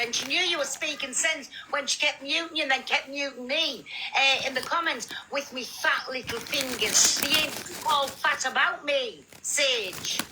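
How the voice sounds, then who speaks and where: Angry high-voiced woman swearing. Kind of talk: heated live stream chat. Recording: noisy live stream audio.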